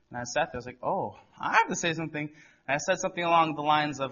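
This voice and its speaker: A man's voice: fairly high pitch, rapid-fire, fairly bright tone. A young man earnestly telling a personal testimony, acting out the people in his story. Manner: earnest storytelling, quoting others in dialogue. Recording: muffled lo-fi recording.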